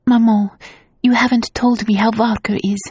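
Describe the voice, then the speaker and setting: A woman voicing a young newly married daughter, loving and earnest, speaking softly and eagerly. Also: fairly high pitch, fairly even intonation, moderate pace, breathy edge, no echo, studio quality, pitched above the performer's own voice.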